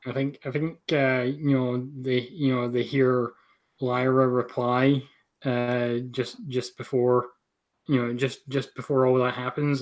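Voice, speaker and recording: Hesitant, flat-voiced game player. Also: medium pitch, a little slow, poor audio. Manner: hesitant, repeating words. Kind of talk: casual tabletop play.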